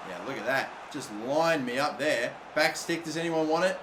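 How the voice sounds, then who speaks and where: A young man commentating his own football video game match, swearing and exasperated, shouting at his players' mistakes. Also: mid-range voice, lively intonation, brisk. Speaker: gaming YouTuber. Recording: echoey room with faint noise.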